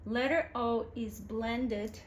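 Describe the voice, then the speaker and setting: A woman's voice: on the high side, fairly even intonation, slow, slight background noise. A woman teaching a language lesson, patiently spelling out sounds letter by letter. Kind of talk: alphabet lesson.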